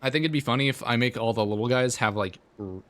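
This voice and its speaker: A man's voice: mid-range voice, fast, fairly bright tone. A male streamer chatting casually during a live game stream, rambling with lots of fillers. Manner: rambling, filler-heavy talk.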